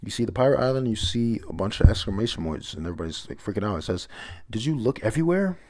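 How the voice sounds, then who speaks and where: A young man with a lowish voice talks through a comic chapter in loose, casual commentary. He rambles, trips over words as he reads and drops the odd curse. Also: animated, racing. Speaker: manga chapter reviewer.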